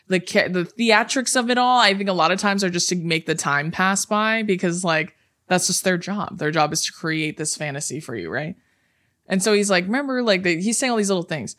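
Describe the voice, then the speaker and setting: Podcast co-host, casual storytelling, rambling, fillers, swearing, bright voice. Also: medium pitch.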